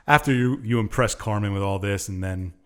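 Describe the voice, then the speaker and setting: Rambling lower-voiced male podcast co-host. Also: normal speed, a bit bright, clean tone. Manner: rambling, hesitant with many uhs. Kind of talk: casual chat recapping a game plot.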